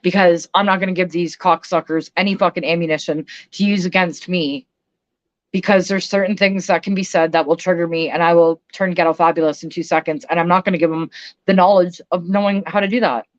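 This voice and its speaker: A woman's voice: lowish voice, fairly even intonation, brisk, highs cut off. A woman ranting bluntly on a casual livestream, swearing and speaking emphatically. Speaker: vlogger.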